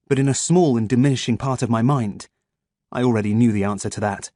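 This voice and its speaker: A man narrating an audiobook in a steady, measured storytelling manner. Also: medium pitch, no room sound, clean studio sound.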